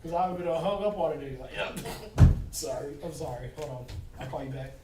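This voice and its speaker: A man leads a loose Bible class, cracking jokes and laughing as he preaches. His voice sits high for a man, and it sounds roomy, picked up from across the room with a noisy hiss behind it. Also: fairly quick. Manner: joking, laughing often, preachy asides. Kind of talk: casual Bible teaching. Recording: roomy distant recording with noise.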